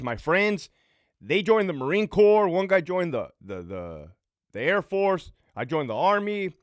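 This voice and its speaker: A man's voice: on the high side, dry recording, studio quality. A man in his late thirties from Southern California, telling rambling, profane stories from his own life in a casual way. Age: late 30s. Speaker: channel host and ex-prison guard.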